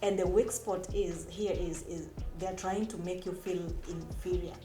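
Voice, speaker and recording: A woman and part-time activist reasoning out loud earnestly in a casual group discussion. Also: lowish voice, fairly even intonation, normal speed, distant mic. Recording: echoey room, music underneath.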